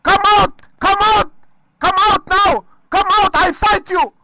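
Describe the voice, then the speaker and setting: A man on a phone call, angrily shouting insults and threats. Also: very high-pitched, measured pace. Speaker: caller. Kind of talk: angry prank phone call. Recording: noisy phone recording.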